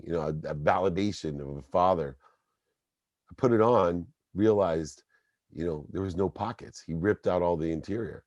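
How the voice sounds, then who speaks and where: A middle-aged man, a guest on a podcast, telling personal stories in an emphatic, animated way. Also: sits low, moderate pace, no echo, dull audio. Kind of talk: storytelling interview.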